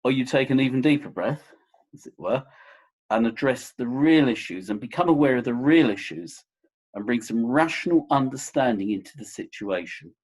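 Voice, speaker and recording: A man, a counsellor, explaining pastoral listening in a recorded teaching seminar, gentle and full of examples. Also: medium pitch, expressive, moderate pace, slightly rough.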